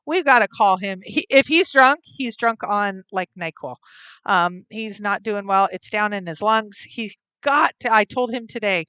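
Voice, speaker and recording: A woman's voice: fairly high pitch, pushed and bright, clear, resonant tone, no echo, muffled recording. A woman hosting a casual live stream, chatting and giggling with many ums while she reads viewer comments aloud into a phone or webcam mic. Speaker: vlog host reading live chat.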